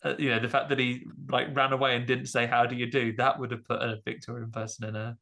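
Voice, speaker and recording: A man's voice: mid-range voice, little pitch movement, fast, gravelly, pushed and bright. A man co-hosting a film podcast, chatty and jokey, riffing with comic asides. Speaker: podcast co-host. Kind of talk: casual film discussion.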